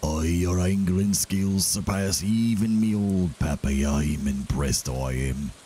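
A man voicing a folksy old male fisherman who talks in a slow, old-timer drawl. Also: sits low, mellow, slight background noise. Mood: folksy, sentimental.

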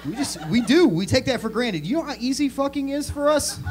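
A man doing crude, animated stand-up comedy on a club stage, acting out bits as he goes. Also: very high-pitched, fairly quick. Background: audience laughter.

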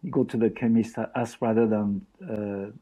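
A man's voice: on the low side, steady tone, normal speed, warm tone, slightly rough. An older man from France with a French accent, chatting as a podcast guest with frequent restarts. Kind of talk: casual podcast chat.

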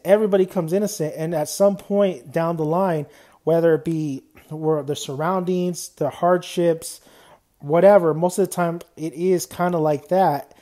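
A man's voice: a little high, dark tone. A young man giving a casual, unscripted anime review, rambling loosely and dropping "man" and "you know" often.

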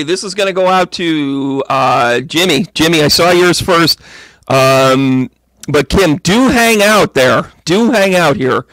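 A man's voice: a bit bright, no room sound. A man giving a casual, joking tarot reading to viewers on a livestream, chatty and playful. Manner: jokey, chatty, slips into silly high voices.

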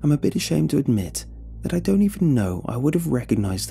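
A man narrating a horror story in a measured, dramatic way. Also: medium pitch, sing-song, vocal fry, dark tone, faint music behind.

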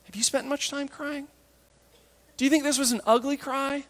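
A woman preaching a sermon in a lively, conversational way, acting out the people in the story in quick asides. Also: high-pitched, big-room sound.

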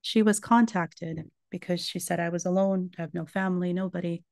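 A woman's voice: on the low side, fairly even intonation, fairly quick, vocal fry, a little mellow, no room sound. A woman giving a religious lecture, earnestly retelling a survivor's story in her own words.

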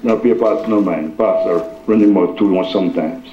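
A male pastor with a Chicago accent preaches to his congregation, drawing call and response and slowing down to read scripture aloud. The sound is muffled and lo-fi, and it rings through the reverberant church. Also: low-pitched. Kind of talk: preaching sermon. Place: church sanctuary.

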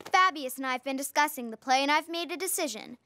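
A woman's voice: high voice, fast talker, sharp tone, no room sound, clean studio sound. An earnest teenage girl director. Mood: firm. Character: teenage witch girl directing a school play. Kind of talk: cartoon voice acting.

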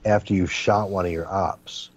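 A man's voice: low-pitched, steady tone, normal speed, a little hiss or hum. A man co-hosting a podcast, rambling and sarcastic in casual commentary. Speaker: podcast co-host.

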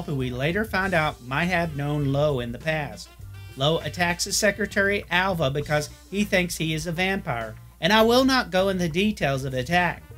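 A man delivers a blunt, opinionated film review in a fairly high voice. His pitch swings up and down with animation. Faint music plays under his talk. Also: a bit bright.

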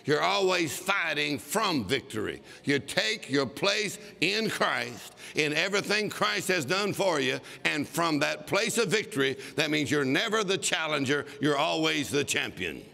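A man's voice: fairly high pitch, very animated, a little slow, vocal fry, few pauses, pushed and bright. A man preaching a fervent sermon, exhorting his congregation and breaking into mock laughter. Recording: long reverb of a large hall.

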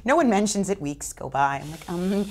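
An actress in a casual interview, telling a lively anecdote and acting out what others said. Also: female voice, fairly low pitch, a little fast, slight background noise. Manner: animated storyteller who acts out quotes with laughs. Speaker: actor interviewed as a guest. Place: festival press interview room.

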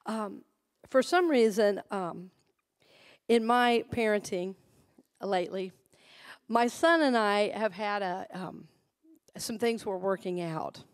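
A woman's voice: slow, pauses often. A middle-aged woman minister giving a sermon, leading the congregation in call-and-response and telling personal stories in a conversational way. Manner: call-and-response, asks the congregation to repeat phrases; conversational storytelling, drops soft and low for personal anecdotes.

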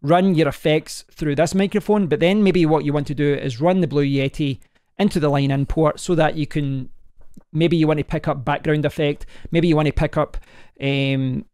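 A man with a fairly high voice walks through a hands-on tech demonstration at his desk. He thinks aloud as he plugs and unplugs cables, often restarting his sentences. The delivery is relaxed and conversational, spoken into a desk microphone. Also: moderate pace, smooth. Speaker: tech tutorial host. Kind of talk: casual demonstration tutorial. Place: home desk setup. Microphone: desk microphone, switching between mics.

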